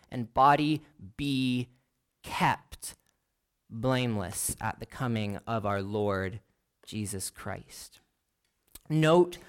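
A man preaching a sermon, earnest and deliberate, slowing down to lean on key words. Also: mid-range voice.

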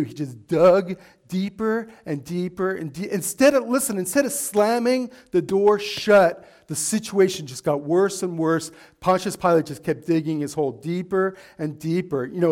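A man's voice: high-pitched, darkish tone. A pastor preaching a sermon in church, asking his congregation emphatic rhetorical questions.

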